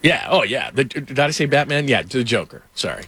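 A man's voice: mid-range voice, sing-song, moderate pace, crowd noise. A man hosting a sports radio show, telling rambling anecdotes full of fillers into a studio microphone.

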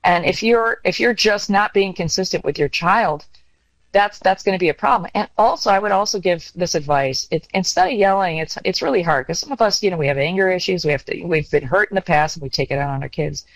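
A woman's voice: lowish voice, fairly quick, dry recording, rough recording. Earnest older woman giving parenting advice. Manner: earnest, animated storytelling with acted-out quotes. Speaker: guest. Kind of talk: conversational advice.

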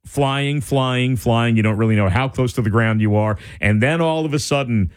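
A man telling a personal story in a casual, animated way, full of "like" and restarts. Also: mid-range voice, normal speed, smooth, dry recording, clean studio sound. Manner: animated, wide-ranging delivery, lots of "like" and restarts.

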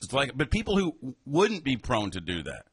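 A man's voice: medium pitch, wildly swooping pitch, normal speed, breathy edge. A man co-hosting a casual sports talk show, wisecracking and laughing often.

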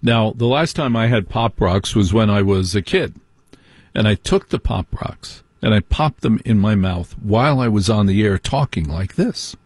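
Male late-night radio host, husky, dry close studio mic, chatty and joking with callers. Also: fairly low pitch, animated, moderate pace, darkish tone, no room sound. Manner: chatty, joking, asides and laughs. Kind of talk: casual call-in radio chat.

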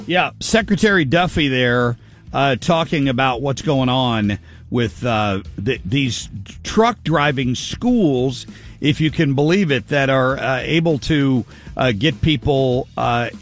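A man hosting a talk radio show, commenting on clips in a casual, halting way with many fillers. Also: medium pitch, lively intonation, faint music behind.

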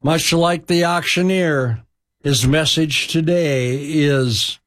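A preacher in sermon storytelling mode, with a slightly high voice. He is emphatic and draws out key phrases for weight. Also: slow, fairly bright tone.

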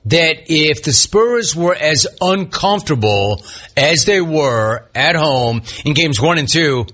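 Male sports radio host, husky and bright, punchy and opinionated, faint music underneath. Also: on the high side. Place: radio studio.

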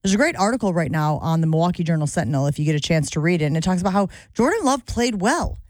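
Low-voiced woman hosting sports talk radio. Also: animated, quick pace, a little mellow, no echo. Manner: conversational, takes calls, reads stats.

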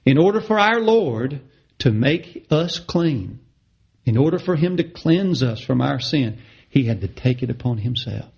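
A middle-aged man preaching a sermon, passionate and repetitive, his voice climbing high on the words he stresses. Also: very animated, a little slow, vocal fry, darkish tone, husky. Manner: impassioned, repeats phrases for emphasis, rises sharply in pitch on key words.

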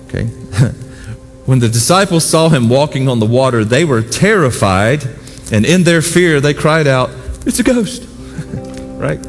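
A man preaching a sermon with animated, emphatic delivery and repeated exhortations. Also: medium pitch. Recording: long hall reverb with faint music.

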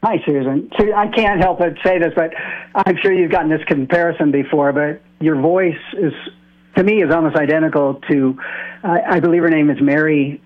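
A man calling in to a radio show, speaking in a halting way with frequent fillers. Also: a little high. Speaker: caller. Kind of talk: phone-in call. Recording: tinny phone line.

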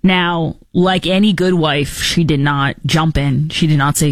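A woman hosting a talk show with sarcastic political commentary, mocking and animated, jumping into quick impressions. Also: low voice, no room sound.

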